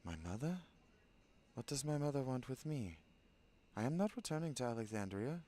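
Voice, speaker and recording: A man's voice: medium pitch, lively intonation, moderate pace, mellow, voice pushed up, close to an everyday voice. A man voicing a young runaway princess in a game, speaking earnestly and with indignation. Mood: indignant.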